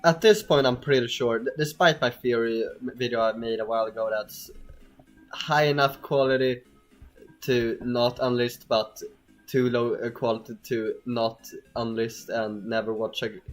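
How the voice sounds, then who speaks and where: Man commentating his own gameplay, halting, restarts sentences constantly, mid pitch. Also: steady tone, faint music behind. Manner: rambling, hesitant, stammers and restarts often. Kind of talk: casual let's-play commentary.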